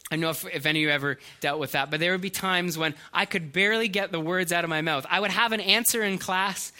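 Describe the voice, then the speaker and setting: A middle-aged man preaching a sermon in a high, very bright voice. He tells stories earnestly and sometimes stops and restarts a sentence. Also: quick pace. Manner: earnest storytelling preacher, slight hesitations and restarts. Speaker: pastor.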